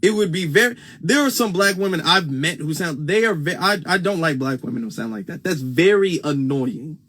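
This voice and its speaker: A man's voice: fairly high pitch, expressive, normal speed, fairly bright tone. A man with a Midwestern US accent hosting a casual livestream on a phone, emphatic and repeating his points for stress. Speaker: livestream host.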